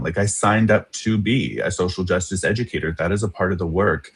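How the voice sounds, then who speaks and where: A man's voice: fairly low pitch, animated, brisk, hardly any pauses, husky. A man appearing as a guest on a podcast over a video call, talking earnestly about his work as an educator. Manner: earnest, conversational, many fillers. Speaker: guest, social justice educator. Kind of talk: casual podcast conversation.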